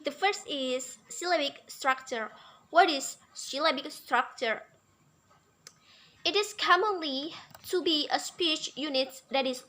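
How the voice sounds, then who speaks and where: A young woman, an Indonesian native, explains an English lesson in a high, bright voice. She reads slowly from her notes and repeats words as she goes. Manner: slow, careful reading with fillers and repeated words. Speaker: English teacher. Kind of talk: reading lecture notes.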